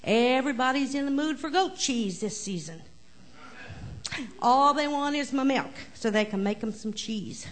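A woman's voice: high-pitched, lively intonation, normal speed. A woman voicing a sassy nanny goat in a children's story, complaining about her lot.

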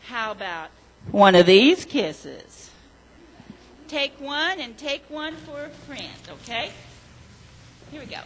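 A woman leading a children's sermon, telling a story gently and asking the children questions. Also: high-pitched, expressive, takes it slowly, long pauses, breathy edge, rough recording.

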